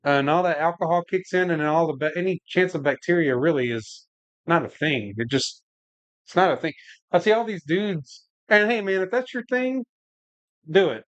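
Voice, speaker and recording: This home brewing streamer has a slightly high, slightly bright voice and talks a little fast. He rambles in a laid-back way, saying "like" and "man" a lot as he works and answers chat, captured in a dry, dull recording.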